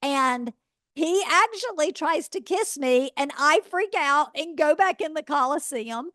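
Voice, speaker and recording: A woman co-hosting a podcast in casual chat, an animated storyteller who laughs often. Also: sits high, measured pace, dry recording, clean studio sound. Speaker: podcast co-host.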